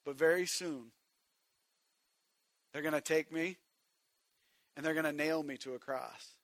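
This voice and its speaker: High, bright-voiced preacher, hushed to shouting. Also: male voice, measured pace, no echo. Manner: swings from hushed to shouted emphasis; direct address to the congregation. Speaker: pastor. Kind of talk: sermon.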